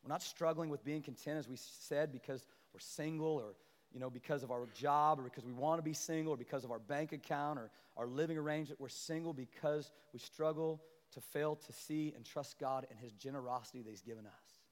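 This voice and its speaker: A male pastor preaching a sermon to his church, animated and building to loud, emphatic peaks as he calls out to the congregation. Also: on the high side, a little fast. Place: large church sanctuary. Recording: long church hall reverb.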